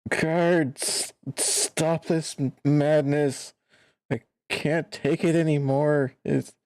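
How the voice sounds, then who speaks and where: A man's voice: medium pitch, steady tone, a little slow, gravelly, darkish tone, no echo. A man voicing a broken, terrified male prisoner who stammers and pleads. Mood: pleading.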